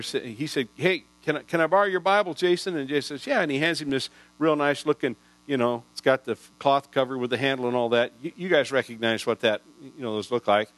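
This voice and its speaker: A man's voice: mid-range voice, a bit bright, no echo, low-quality recording. A man in his sixties preaching a sermon, folksy and rambling, often restarting his sentences. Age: 60s. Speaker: pastor. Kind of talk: sermon storytelling. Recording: dry with mains hum.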